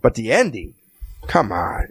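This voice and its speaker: A man's voice: mid-range voice, wildly swooping pitch, measured pace, creaky, breathy edge, no echo, studio quality. A man co-hosting a casual podcast chat about films, blunt and opinionated, swearing freely. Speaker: podcast co-host.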